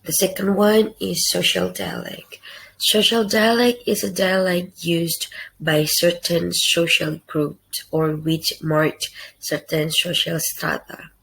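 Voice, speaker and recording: A young woman giving a read class presentation in careful, halting short phrases. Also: fairly low pitch, lively intonation, gravelly, fairly bright tone, low-quality recording. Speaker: student presenter.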